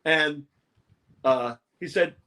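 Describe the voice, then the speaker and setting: A man from New York, an interview guest telling lively, profane stories and acting out the people in them. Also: on the high side, extremely slow. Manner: animated, profane, acts out voices. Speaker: interview guest, music producer. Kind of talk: casual storytelling interview.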